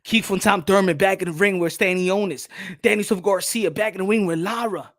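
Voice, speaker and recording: High bright-voiced man ranting. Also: steady tone, a little fast. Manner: fired-up, profane, mocking impressions. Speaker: boxing channel host. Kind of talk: heated rant to viewers.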